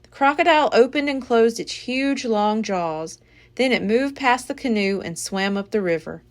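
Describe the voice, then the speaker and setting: A woman reading a children's book aloud as a library storyteller, with an expressive, dramatic delivery. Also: on the high side, moderate pace.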